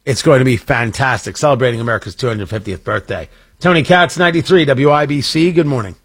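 Male morning radio host, rambling and jokey, slightly husky, dry studio sound. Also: medium pitch, fast talker, a bit bright, no room sound. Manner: rambling, self-interrupting, jokey. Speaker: radio talk show host. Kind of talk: casual on-air chat and promo. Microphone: studio microphone.

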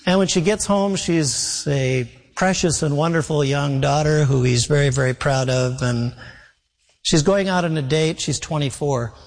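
Male preacher, storytelling sermon, somewhat high voice, long hall echo. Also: a little slow. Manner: storytelling, emphatic repetition. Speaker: pastor.

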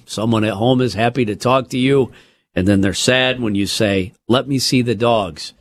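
A chatty male radio co-host in a studio, talking at an everyday pitch with a faint music bed underneath. He reads out short news items and breaks into quick personal asides. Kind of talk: casual morning radio chat.

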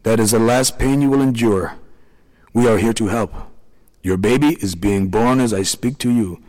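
A man voicing a kindly middle-aged tiny man who leads the little people, speaking in a slow, soothing, gentle way. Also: on the low side, in a large hall, natural voice.

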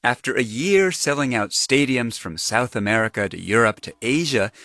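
A male radio reporter giving scripted, measured news narration. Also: medium pitch, animated, pushed and bright, dry recording.

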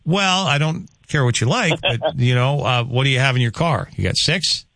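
A man's voice: medium pitch, moderate pace, vocal fry, dry recording, studio quality. A man hosting a morning radio show, reading the weather and teasing callers in casual banter. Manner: joking, animated, teasing. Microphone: studio microphone.

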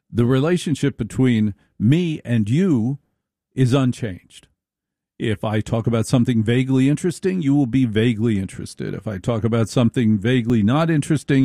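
A man's voice: medium pitch, mellow, no echo, studio quality. A middle-aged man hosting a late-night radio talk show, delivering an emphatic, folksy monologue to his listeners.

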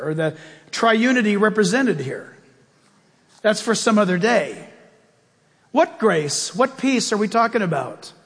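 A man preaching a sermon as a pastor, telling a self-deprecating story with animated asides. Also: very high-pitched, big-room sound.

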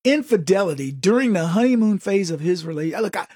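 A man riffs through a political commentary monologue, sarcastic and mocking, his pitch jumping up and down as he goes. His voice is a little husky, and the recording is dry and close. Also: animated, a little fast, warm tone, dry recording.

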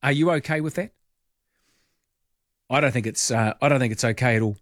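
A middle-aged man with a New Zealand accent hosting a casual radio chat, playful and mock-indignant, his voice jumping high on questions. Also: a little fast, dry recording, clean studio sound. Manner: playful, indignant tongue-in-cheek asides with sudden high pitch jumps. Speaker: radio host.

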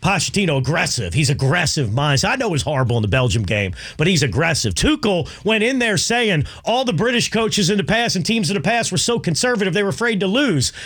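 A man's voice: high-pitched, big pitch swings, quick pace, hardly any pauses, fairly bright tone, slightly rough. A man co-hosting a sports radio show, rambling and joking about sports.

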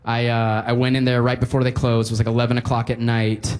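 A man telling a comic story in a wry, conversational stand-up style with deadpan punchlines. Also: mid-range voice, fast, smooth. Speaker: stand-up comedian.

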